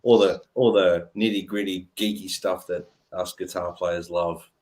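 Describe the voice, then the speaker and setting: A man co-hosting a casual live-stream chat, relaxed and hesitant with many filler sounds. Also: sits low, measured pace. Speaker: co-host, guitar player.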